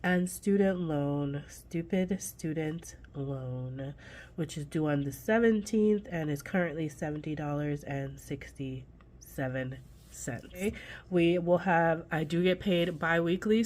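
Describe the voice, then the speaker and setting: A woman's voice: low voice, a little mellow. A congested woman with a nasal voice, chatting casually to viewers as she sets up her budget binder. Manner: chatty, folksy, talks straight to viewers. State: congested, under the weather. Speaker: budgeting channel host.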